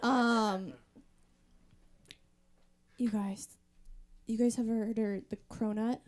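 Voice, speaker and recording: A woman's voice: a little high, fairly even intonation, very slow, darkish tone. A woman in her thirties doing a chatty, wry stand-up set on a comedy club stage. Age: 30s. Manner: conversational, wry, chatty with the audience.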